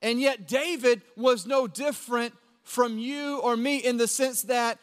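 Middle-aged male pastor, high voice, lively conversational sermon, big hall reverb. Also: unhurried, clean tone. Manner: lively and conversational, acting out quotes in a raised voice. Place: church auditorium. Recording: long reverb of a large hall.

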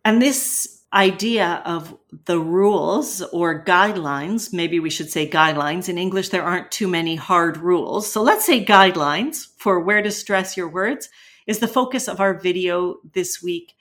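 A woman co-hosting an English-learning podcast, explaining pronunciation and vocabulary clearly and patiently. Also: fairly low pitch, unhurried, fairly bright tone. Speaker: English teacher co-host. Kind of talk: educational podcast chat.

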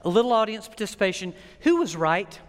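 A man preaching a sermon as pastor, telling stories in a joking, animated way. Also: high-pitched, fast, in a large hall. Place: church sanctuary.

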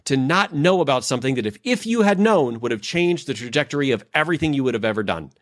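A man's voice: mid-range voice, fast talker, dry recording, studio quality. A man co-hosting a podcast, telling a family story in a loose, casual way full of fillers and acting out the lines people say. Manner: animated storyteller who acts out quoted lines; loose, filler-heavy phrasing. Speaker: podcast co-host and leadership expert.

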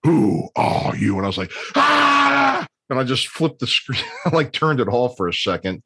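A man's voice: mid-range voice, expressive, a little fast, a bit bright, husky, no room sound. A man in his fifties telling long, rambling stories in casual chat, with plenty of ums and restarts. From Baltimore area, USA. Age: 50s.

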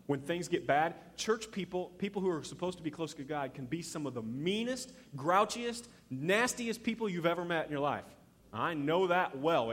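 A man preaching a sermon as pastor, telling the story in an animated way and acting out the voices he quotes. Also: fairly high pitch, long reverb tail.

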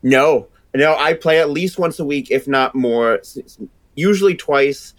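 A sound engineer with a Rhode Island accent, appearing as a guest, chats energetically and rambles with lots of restarts. His voice is a little high and measured in pace, with no room sound.

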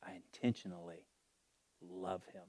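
A man preaching a sermon in a fervent, emotional, drawn-out way. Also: low-pitched, little pitch movement, darkish tone.

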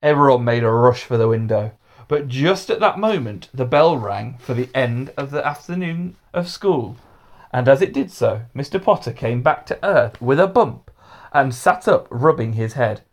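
A man reads a children's storybook aloud. His delivery is animated and expressive, with a wide pitch range. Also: moderate pace. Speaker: narrator.

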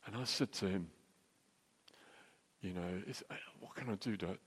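A middle-aged man telling a jokey, anecdotal story as a church speaker, with quick restarts. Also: sits low, slightly rough. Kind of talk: storytelling sermon. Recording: long hall reverb.

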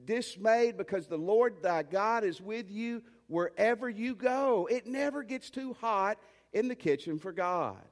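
A man's voice: sits high, big-room sound. A man preaching a sermon as pastor, emphatic, with folksy asides and urgent commands. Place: church.

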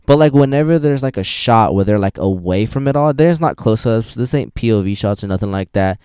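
Lively young man ranting about movies. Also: on the low side, fairly quick, clean tone, no room sound, clean studio sound. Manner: animated, rambling, enthusiastic. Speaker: podcast host. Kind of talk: casual movie rant.

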